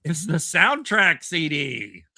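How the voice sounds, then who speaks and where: Bright-voiced rambling male podcast host. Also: on the high side, big pitch swings, takes it slowly, no echo. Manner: rambling, enthusiastic, many fillers and restarts. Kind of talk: casual chat.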